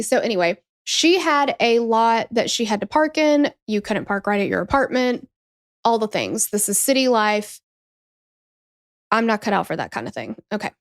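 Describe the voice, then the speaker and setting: Chatty high-voiced woman telling a story. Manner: chatty and digressive, swears, acts out quotes. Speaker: true crime podcast host. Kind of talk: casual storytelling chat.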